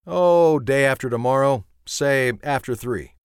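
A man voicing a wry, gruff garage owner who talks in a drawling, bargaining way in an audiobook. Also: mid-range voice, a little slow, dry recording, clean studio sound, voice pushed up, close to an everyday voice. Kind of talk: audiobook character voice.

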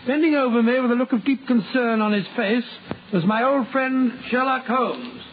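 An actor playing a bumbling, loyal Doctor Watson in a 1940s radio drama, with a hesitant, stammering delivery. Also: male voice, very high-pitched, moderate pace, a little hiss or hum. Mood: earnest. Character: bumbling loyal Dr. Watson, middle-aged Englishman. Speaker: narrator in character. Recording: tinny old radio broadcast.

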